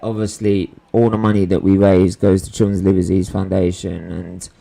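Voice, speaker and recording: Gravelly low-voiced man. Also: flat delivery, moderate pace, dark tone. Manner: rambling, lots of fillers and slang. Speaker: host of a live football watchalong stream. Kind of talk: casual live-stream chat.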